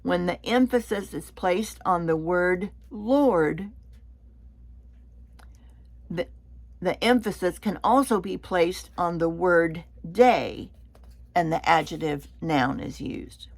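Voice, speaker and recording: Teaching a Bible study, this woman speaks in a lowish, gravelly voice. Her explanations come slowly and with care, and she sometimes says a word twice along the way.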